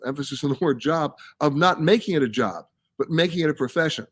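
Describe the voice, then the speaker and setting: A man hosting a live travel broadcast, chatting casually and stressing his points with emphasis. His voice sits somewhat high for a man. He reads viewers' comments aloud and answers each one off the cuff. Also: expressive, fairly quick. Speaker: travel show host answering viewer questions. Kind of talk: casual live-stream chat. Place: live from a science center.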